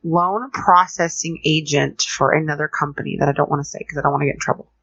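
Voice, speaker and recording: A woman co-hosting a podcast, talking fast and rambling in casual chat. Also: low-pitched, fairly even intonation, a bit bright, breathy edge, dry recording, highs cut off. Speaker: podcast co-host.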